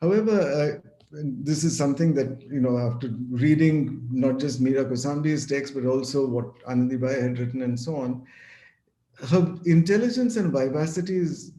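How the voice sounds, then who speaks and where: A man giving an academic lecture over a video call, measured and partly read aloud, with a few restarts. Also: mid-range voice, warm tone, roomy sound. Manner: measured, reads quotations with some restarts.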